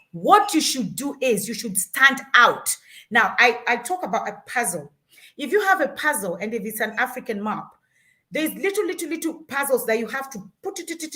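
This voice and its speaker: A woman's voice: high-pitched, bright, forceful tone. A middle-aged Kenyan woman with a Kenyan accent, giving earnest parenting advice in an emphatic, repetitive storytelling way. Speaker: parenting guest.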